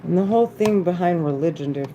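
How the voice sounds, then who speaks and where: A woman's voice: lowish voice, lively intonation, quick pace, warm tone, lo-fi sound, slight background noise. A woman vlogger talking to camera in an agitated, repetitive, rambling monologue. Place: at home, doing her makeup.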